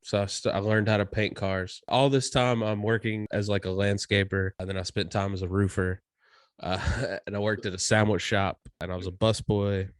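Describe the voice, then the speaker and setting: A man's voice: fairly low pitch, level tone, normal speed, no echo. A young adult man from North Carolina, a podcast host, telling his life story in a rambling, self-mocking way with dry humor. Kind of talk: casual storytelling chat.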